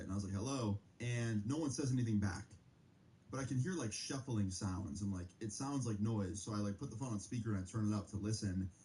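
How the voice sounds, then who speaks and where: A man's voice: on the low side, warm tone, a little hiss or hum, poor audio. Laid-back young man telling a story. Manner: casual, slangy, lots of "like" and "bro". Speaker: live streamer. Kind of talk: storytime on a live stream.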